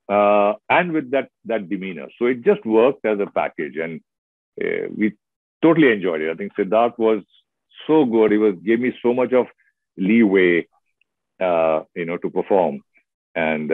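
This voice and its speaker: Indian guy, middle-aged, kinda low voice, chatty storyteller, sounds thin like a phone line. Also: moderate pace, no echo. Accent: Indian English. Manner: expressive, storytelling, lively asides. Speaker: actor guest. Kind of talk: casual interview chat. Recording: dry, tinny phone-like sound.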